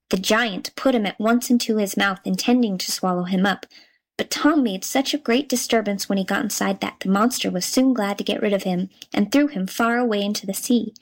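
Female storybook narrator, mid pitch, measured and gently expressive telling. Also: rough recording. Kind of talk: storybook reading.

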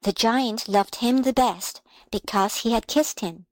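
A woman reading a fairy tale aloud in a calm, measured storybook style. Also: fairly high pitch, no room sound, low-quality recording.

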